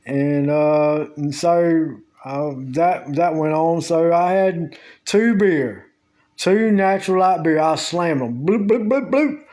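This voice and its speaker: A man's voice: on the high side, darkish tone. A man telling a long, meandering story about his day, casually, at home. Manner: slow, drawling, meandering storytelling with Southern US grammar. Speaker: vlogger. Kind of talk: rambling casual monologue. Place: at home with the door open.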